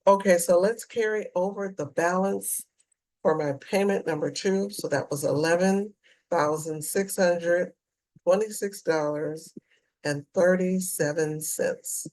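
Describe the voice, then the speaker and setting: A middle-aged woman vlogging in a casual, earnest way to her viewers, reading out dollar figures slowly and carefully. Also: fairly low pitch, darkish tone, rough recording. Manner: slow, deliberate, earnest, reads figures out carefully. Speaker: personal finance vlogger. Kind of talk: casual talk to camera about debt payoff.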